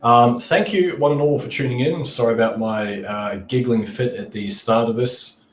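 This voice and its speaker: A man's voice: mid-range voice, moderate pace, reverberant, a little hiss or hum. A man hosting a live stream and giving casual coaching tips in an easygoing, chatty way. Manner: easygoing and chatty, with frequent restarts and "you know".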